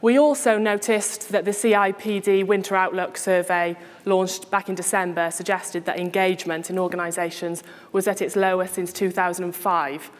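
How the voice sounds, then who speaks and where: Low-voiced woman presenting in a hall. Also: steady tone, moderate pace. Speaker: conference presenter. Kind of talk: conference presentation. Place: conference hall. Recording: long hall reverb.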